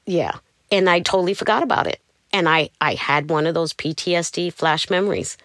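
Animated middle-aged woman, low and dry. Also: brisk, dry recording. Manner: animated, acting out the people she quotes. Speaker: interview guest. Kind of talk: candid personal storytelling.

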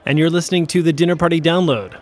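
A man's voice: a little high, fairly even intonation, very fast. A man co-hosting a radio show, explaining things in an upbeat scripted banter.

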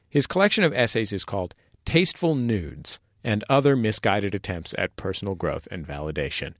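A man hosts a public radio interview, his pitch moving freely as he introduces his guest. His voice sits a little low and sounds dry and close to the mic. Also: no echo.

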